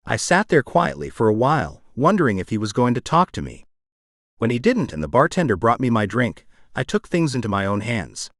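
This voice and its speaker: A man's voice: medium pitch, very animated, fairly quick, fairly bright tone, no room sound, clean studio sound. A man narrating an audiobook in the first person, in a conversational, wry storytelling manner.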